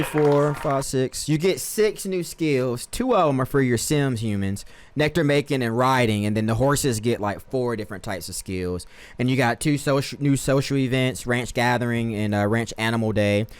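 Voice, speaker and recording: Man, streamer, casual game commentary, slangy, self-correcting, mid-pitched voice. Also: smooth. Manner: laid-back, slangy, corrects himself often.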